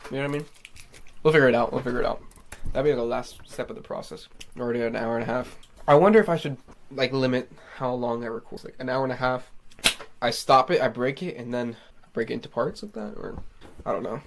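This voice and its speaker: A man's voice: medium pitch, fast, slight background noise. A man vlogging casually from his home recording studio, talking loosely with lots of "like" and free swearing. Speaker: singer-songwriter vlogger.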